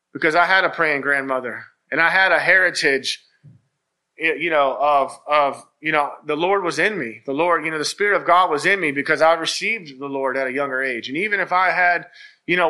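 Casting man, personal church testimony, slightly high, very bright and forceful, earnest and rambling. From Virginia, US. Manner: earnest, rambling storytelling with many restarts. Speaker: church member giving testimony.

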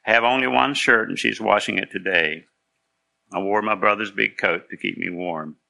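A man's voice: lowish voice, moderate pace, creaky, bright, forceful tone, full character voice. A preacher voicing a poor, hungry ten-year-old boy who pleads timidly in a sermon story. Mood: pleading.

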